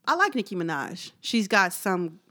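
A woman's voice: medium pitch, very animated, moderate pace, pushed and bright. A woman co-hosts a casual music chat. She is blunt and opinionated and laughs often. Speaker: podcast co-host.

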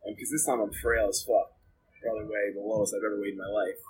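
A man's voice: lowish voice, little pitch movement, quick pace, noisy background. A man being interviewed, telling his own story in a blunt, profane, rambling way with lots of filler words. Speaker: interview guest. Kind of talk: candid storytelling about jail and addiction.

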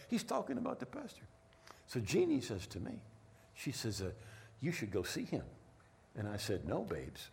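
Middle-aged male pastor, sermon storytelling, animated delivery with lots of pitch movement, repeats words. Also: moderate pace, vocal fry, slight background noise.

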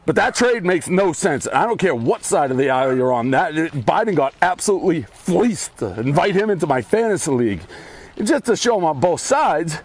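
Walking outside along a street, a man delivers a casual, fired-up rant for a video clip, blunt and heavy with profanity. He's out of breath, with a breathy edge to his voice. His voice sits on the high side and is very animated, and he keeps a moderate pace.

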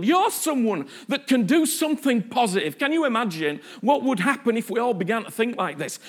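A man preaching a passionate sermon, often acting out the voices of the people he quotes. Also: very high voice.

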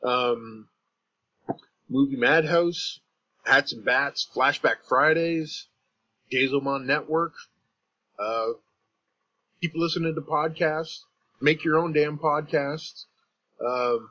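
A man's voice: a little high, slow, pauses often, bright, forceful tone, highs cut off. A Canadian man with a Canadian accent, chatting on a podcast in a rambling, self-interrupting way and laughing often. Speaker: podcast host and guest. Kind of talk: casual podcast chat.

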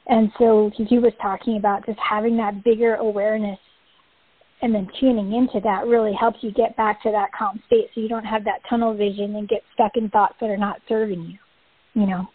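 A woman's voice: medium pitch, flat delivery, fairly quick, breathy edge, no echo. A woman guest, a riding instructor, chatting in an interview, laughing often and acting out little scenes as she talks. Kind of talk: casual interview talk. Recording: thin phone-like call audio.

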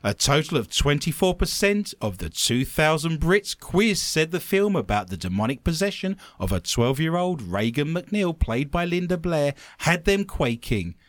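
A man's voice: fairly high pitch, sing-song, normal speed, few pauses, no room sound. A man hosting a casual chat show, reading odd news stories aloud with wry asides. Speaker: podcast host.

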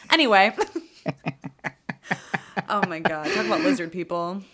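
A woman's voice: fairly low pitch, lively intonation, a little slow, fairly bright tone. A woman co-hosting a podcast in casual chat, chatty and giggly, often acting out quotes. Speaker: podcast co-host.

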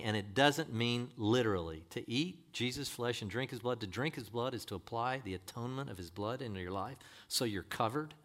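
A man's voice: medium pitch, a bit bright. A man preaching a sermon, emphatic and direct, firing rhetorical questions at the congregation.

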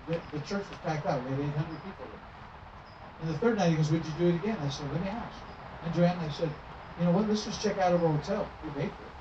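A middle-aged man, a traveling minister, telling stories in a sermon and acting out the dialogue. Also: a little high. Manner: animated storytelling, acting out dialogue. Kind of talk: sermon storytelling. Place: church sanctuary. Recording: roomy, distant, muffled with noise.

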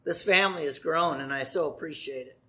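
A man's voice: a little high, fairly quick, sharp tone. A middle-aged man, a pastor, giving church announcements and a sermon in a chatty, jokey way, laughing often. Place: church sanctuary.

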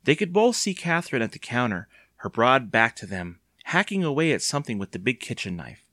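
A man narrating a children's story aloud with expressive storytelling. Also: medium pitch, fairly quick, no echo, clean studio sound. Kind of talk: audiobook narration.

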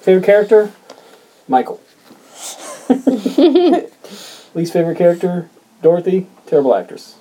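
A woman's voice: lowish voice, animated, moderate pace, pauses often, dark tone, a little hiss or hum. A woman co-hosting a podcast, adding short wry remarks in casual chat. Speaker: podcast co-host.

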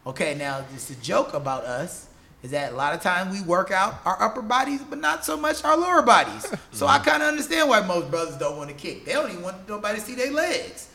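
Podcast guest, man in his forties, high gravelly voice, animated storyteller who laughs often. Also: a little fast, slight background noise. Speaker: gym owner and Muay Thai trainer.

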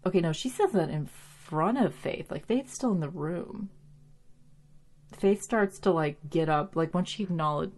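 Woman, casual TV recap, animated, lots of filler words, a bit low-pitched. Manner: animated, frequent "like", swearing. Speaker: TV episode recapper. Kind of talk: casual chat recapping a TV episode.

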